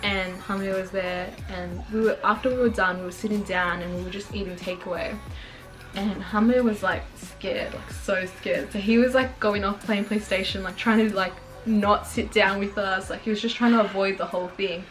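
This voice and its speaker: A woman's voice: mid-range voice, steady tone, normal speed, low-quality recording. Chatty young woman telling a story over music. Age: young adult. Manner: chatty and rambling, full of "like". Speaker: vlogger. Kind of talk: casual sit-down storytelling.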